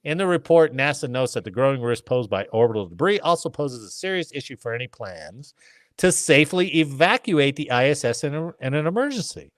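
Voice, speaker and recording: A man's voice: mid-range voice, sing-song, fairly quick, no echo, clean studio sound. A man hosting a casual podcast, reading news articles aloud and breaking off for joking asides. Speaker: podcast host.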